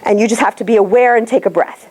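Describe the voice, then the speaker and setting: A middle-aged woman giving a lively, direct workshop talk as a pitch coach to a room of listeners. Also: fast talker, slightly rough. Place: room with a live audience.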